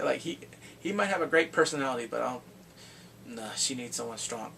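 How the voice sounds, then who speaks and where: Excitable man recapping with big whoops. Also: medium pitch, quick pace, vocal fry. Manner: excitable, swings into loud whoops and shouts. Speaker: TV show reviewer. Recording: distant mic, faint background hiss.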